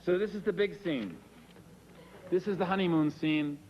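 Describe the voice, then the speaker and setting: A man tells a long story on stage, wry and self-deprecating, slipping into the voices of the people in it. His voice sits a touch high. It carries a long theater reverb over a faint hiss. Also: normal speed, muffled recording. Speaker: monologist.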